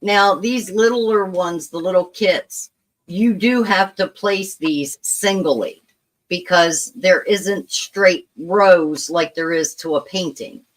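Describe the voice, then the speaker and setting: A woman's voice: fairly low pitch, takes it slowly. Woman moderating a livestream chat. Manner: reads out viewer comments and explains at length.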